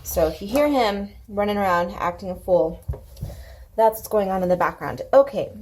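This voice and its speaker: A woman's voice: medium pitch, lively intonation, normal speed, darkish tone, slight background noise. A woman casually chatting at home as she colors on camera, playful and chatty. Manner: chatty and playful, baby-talks to her pet. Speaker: coloring video creator. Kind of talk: casual chat while coloring. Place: home room.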